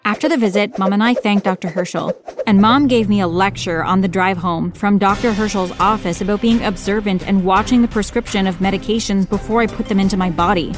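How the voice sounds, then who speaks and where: A woman narrating a first-person story in a plain, steady reading voice. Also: mid-range voice, brisk, over music.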